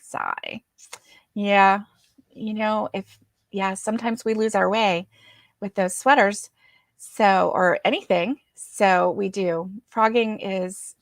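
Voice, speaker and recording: A woman's voice: medium pitch, slow, no room sound, clean studio sound. A woman hosting a casual crochet livestream, reading viewer comments aloud and greeting each viewer by name.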